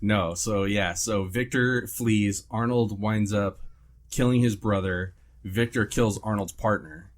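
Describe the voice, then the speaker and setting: A man with a lowish voice hosts a casual podcast chat. He jokes, swears freely and acts out quotes in other voices. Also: steady tone, slow pace. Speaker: podcast host.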